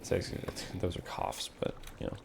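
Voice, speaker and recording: A man streaming a game from a warm room at home, muttering to himself as he builds and chatting with viewers. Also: brisk, noisy background. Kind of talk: casual live-stream chatter while playing.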